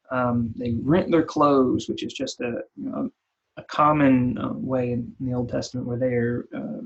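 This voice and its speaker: Man, Bible study teacher, husky voice, folksy plain retelling, muffled lo-fi recording. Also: medium pitch. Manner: retells scripture in plain folksy everyday terms. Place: church. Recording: dull lo-fi recording.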